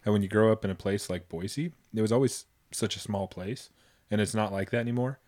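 A man's voice: fairly low pitch, a little fast, darkish tone. A man hosting a casual podcast chat, rambling and loose, swearing casually as he talks. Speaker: podcast host. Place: Boise area, United States.

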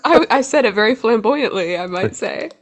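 A woman's voice: mid-range voice, lively intonation, moderate pace. A woman from Kentucky co-hosting a podcast, chatting casually with a giggly, self-mocking manner. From Louisville, Kentucky, USA. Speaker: podcast co-host.

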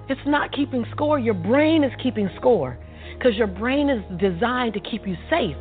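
A woman's voice: on the high side, expressive, moderate pace. A woman telling her personal story in conversation, with an emphatic, repetitive preaching cadence. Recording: tinny phone-like audio with faint music.

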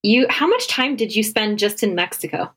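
A woman's voice: medium pitch, expressive, moderate pace, a bit bright, breathy edge, rough recording. Bubbly woman hosting a podcast. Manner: bubbly, upbeat interviewer. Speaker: podcast host. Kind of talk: casual interview chat.

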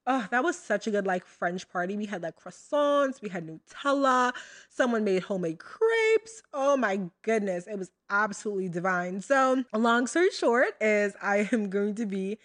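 Very animated at a moderate pace, the young American podcast host speaks in a medium pitch. She chats casually with her listeners in solo podcast talk, dropping lots of fillers and asides.

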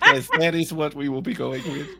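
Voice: medium pitch, over loud music. A player at a tabletop game table, joking and laughing often while planning with friends. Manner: playful, laughing, quick to joke. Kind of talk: casual game table chat.

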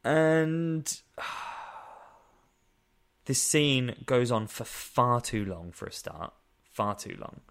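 A man's voice: medium pitch, expressive, drawn-out words, pauses often, a bit bright, smooth. A man co-hosting a casual comedy podcast, reviewing a film in a sarcastic, exasperated way. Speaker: podcast co-host.

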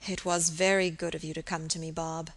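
A woman reading an audiobook and voicing an elderly, ailing baronet who talks gently and affectionately. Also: sits low, level tone, brisk. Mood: fond. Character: elderly ailing male baronet, fond and fatherly.

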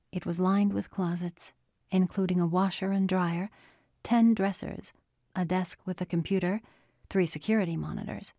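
Lady reading a novel out loud, slow and low, dry close sound. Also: dry recording. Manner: measured, quietly voices each character. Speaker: audiobook narrator. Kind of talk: scripted narration.

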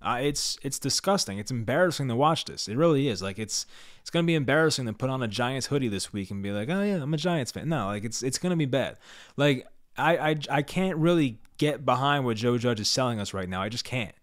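A man's voice: mid-range voice, expressive, fairly quick. A young man from New Jersey giving a fan reaction rant about his team, sarcastic and exasperated, often repeating himself. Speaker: sports fan vlogger.

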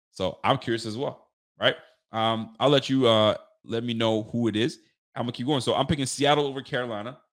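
A man's voice: mid-range voice, fairly bright tone. A man hosting a sports podcast, giving casual football picks and venting animatedly, swearing and talking straight to his listeners.

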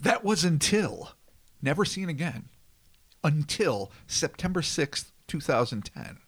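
A man's voice: fairly high pitch, big pitch swings, a little slow, breathy edge. A man hosting a casual comedic podcast, telling a story and swearing freely between jokes. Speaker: podcast host.

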